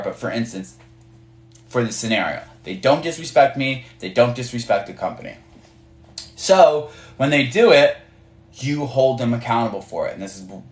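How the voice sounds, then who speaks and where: A man teaching a casual management class on a live stream, talking loosely with many fillers and acting out short bits of dialogue. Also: mid-range voice. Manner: conversational, many fillers and restarts, acts out dialogue. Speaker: management coach. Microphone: phone on a live stream. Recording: roomy echo.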